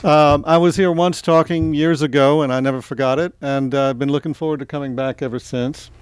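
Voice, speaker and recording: At a bookstore event space, a middle-aged Southern man from Tennessee and Georgia gives a conversational, self-deprecating author talk. His voice is on the high side with fairly even intonation, and he speaks briskly. A little hiss or hum can be heard.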